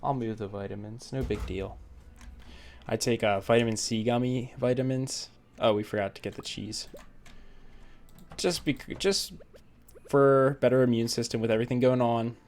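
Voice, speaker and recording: A man's voice: mid-range voice, fairly even intonation, moderate pace, pauses often, a little mellow, slight background noise. A young man doing casual gameplay commentary, rambling through personal stories with many fillers and frequent laughs. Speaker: let's play gamer.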